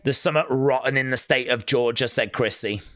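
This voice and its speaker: A man hosting a live watch-along stream, reacting excitably to the action and reading out viewer chat messages. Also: medium pitch, a little fast. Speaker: livestream host.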